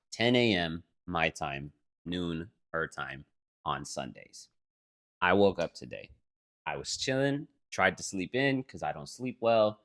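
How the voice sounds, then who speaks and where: A young man co-hosting a podcast, telling a story in casual chat, swearing a lot and mimicking others. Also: on the low side. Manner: profane, animated storytelling with mock voices. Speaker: podcast co-host.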